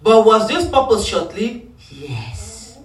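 A man's voice: sits high, very animated, slow pace. A man preaching a sermon, emphatic and repetitive, calling for responses from the congregation. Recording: echoey hall from far off.

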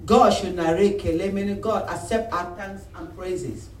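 A pastor, preaching an animated sermon and acting out phone calls and voices of his church members. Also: sits high, normal speed. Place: church hall. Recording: roomy echo, mic at a distance, faint room noise.

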